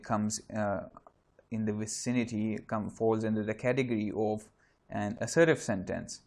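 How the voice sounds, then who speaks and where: A man with a lowish voice teaches an English grammar lesson online. He explains each point step by step, pausing with fillers and restarting his sentences as he goes. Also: a little mellow.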